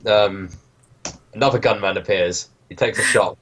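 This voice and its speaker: A man running a tabletop game as game master, talking haltingly and easygoing. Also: lowish voice, fairly bright tone. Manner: halting, lots of fillers, easygoing.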